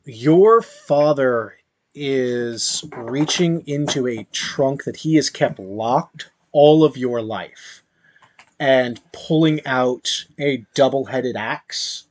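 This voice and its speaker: A man narrating a tabletop game as game master, in slow, halting speech with fillers. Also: mid-range voice, no echo.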